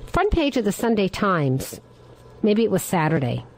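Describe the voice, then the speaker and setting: A woman's voice: mid-range voice, sing-song, moderate pace, slight background noise, rough recording. A middle-aged woman hosting a talk radio show, giving her opinions in a monologue and firing rhetorical questions at her listeners.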